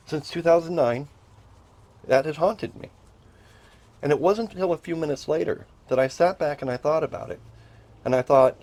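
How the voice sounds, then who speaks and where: Earnest man with a lively voice. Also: a little high. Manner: earnest, emotional, repeats phrases, rises to pleading. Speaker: podcast host telling a personal story. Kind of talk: emotional first-person storytelling.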